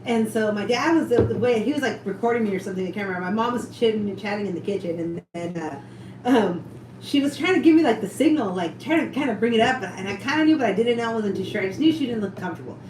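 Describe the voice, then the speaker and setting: A young woman chatting quickly, cutting in on her friend's story. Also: fairly high pitch, animated, a little mellow. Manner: quick, chatty, talks over her partner. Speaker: co-host. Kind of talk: casual storytelling chat. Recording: echoey room, off-mic, background noise.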